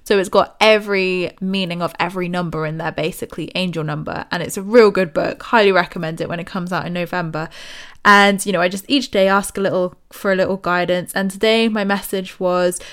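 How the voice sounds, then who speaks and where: A woman's voice: fairly low pitch, fairly even intonation, a little fast, fairly bright tone. A young woman giving a casual motivational talk on spirituality, chatty and enthusiastic. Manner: chatty, enthusiastic, acts out quoted voices. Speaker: spiritual author and podcast host.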